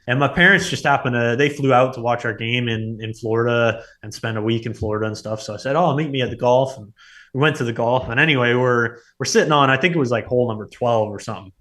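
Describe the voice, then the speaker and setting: A man in his thirties, a former hockey player, telling stories in a relaxed, rambling way, full of filler words. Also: mid-range voice, fast talker. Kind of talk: casual storytelling.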